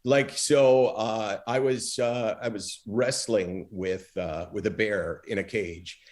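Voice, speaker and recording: A middle-aged man, a former talk show host, telling stories as a podcast guest and acting out the dialogue he quotes. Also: slow pace. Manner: animated storyteller, acts out quoted dialogue with big pitch swings. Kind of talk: storytelling interview talk.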